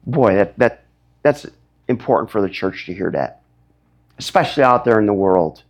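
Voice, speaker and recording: A man preaching a sermon, emphatic, his voice rising high when he gets stirred up. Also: lively intonation, moderate pace. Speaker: pastor.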